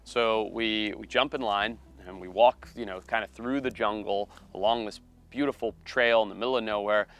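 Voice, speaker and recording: A man, a wildlife biologist and TV host, telling a story in a casual, animated way. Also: fairly low pitch, moderate pace, clear, resonant tone. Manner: animated, acts out quoted voices.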